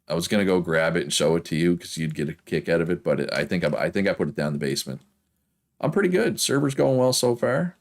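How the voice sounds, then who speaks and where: Low-voiced man, Prince Edward Island accent. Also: animated, fast talker, hardly any pauses. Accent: Prince Edward Island, Canadian East Coast. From Prince Edward Island, Canada. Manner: rambling, chatty, laughs often. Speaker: gaming streamer. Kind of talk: casual chat while playing a game.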